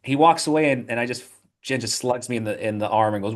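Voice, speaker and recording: A man, a podcast guest, telling animated stories in a casual interview, full of restarts and repeated "right?" tags. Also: medium pitch. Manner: rapid, animated storytelling with frequent "right?" and filler restarts.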